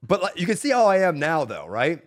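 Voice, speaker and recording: A male game streamer rants in a heated, profane, emphatic way, talking straight to his viewers. His voice sits high for a man. It is casual live-stream talk. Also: huge pitch swings, brisk.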